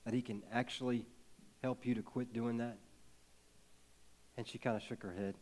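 A man's voice: medium pitch, steady tone, normal speed, a little mellow. A man in his thirties preaching a sermon, telling a personal story in an earnest way and building to emphatic peaks. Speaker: pastor.

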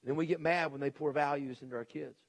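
A middle-aged male pastor preaching a sermon, swinging between shouted emphasis and hushed intensity. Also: fairly high pitch, steady tone, fast talker, vocal fry.

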